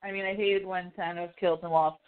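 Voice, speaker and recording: A woman's voice: fairly low pitch, level tone, fairly quick, slight background noise. Woman podcast host rambling about movies, swears a lot, sounds thin like a phone call. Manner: chatty, swears freely, acts out quotes. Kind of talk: casual pop-culture chat. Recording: tinny phone-like call audio.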